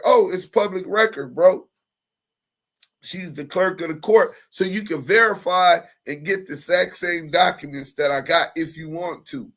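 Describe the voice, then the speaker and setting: A man's voice: sits high, unhurried, a bit bright. A man on a casual livestream, reading court papers and emails aloud in a laid-back way, chuckling often. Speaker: livestream commentator.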